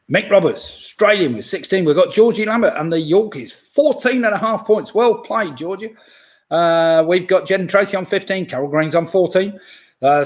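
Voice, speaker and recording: A man hosting a live online pub quiz, reading out answers and scores in a chatty way with jokey asides. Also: sits high.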